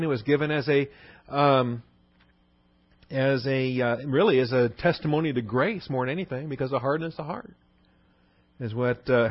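This expository sermon comes from a male pastor with a medium-pitched voice. Emphatic, he drives points home by repeating them and posing rhetorical questions, and the dull audio has no room sound.

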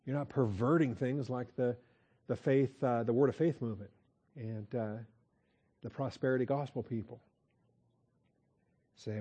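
A man leads a verse-by-verse Bible study in a warm, mellow voice. He talks conversationally, checking in with his listeners and slowing down to repeat key points. His pitch sits in the middle range. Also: lo-fi sound. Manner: conversational, with frequent "okay?" check-ins and slow emphatic repeats. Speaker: pastor.

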